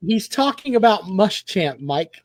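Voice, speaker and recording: A man's voice: sits high, big pitch swings, a little slow. A man hosting a sports talk show, giving opinionated commentary at length. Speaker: podcast host.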